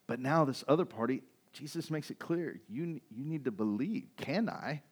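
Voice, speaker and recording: A man preaching a sermon, moving from hushed, intense passages to loud, fervent ones, often asking the congregation "right?". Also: lively intonation, normal speed, breathy edge. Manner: builds from hushed intensity to loud, high-pitched fervor, with rhetorical "right?"; acts out quoted voices of doubters. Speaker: pastor.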